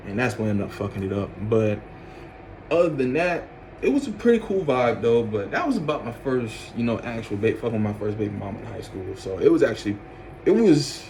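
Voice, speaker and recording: A young man telling a casual storytime to his viewers, acting out his own reactions with high, loud outbursts and laughter. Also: slight background noise. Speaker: vlogger.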